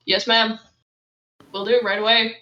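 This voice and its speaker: A woman's voice: fairly high pitch, level tone, unhurried, bright, forceful tone. Crude, playful woman gamer in an echoey room. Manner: crude, playful, swears, speaks in character. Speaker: player. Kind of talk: casual tabletop role-play. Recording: echoey, dull lo-fi room audio.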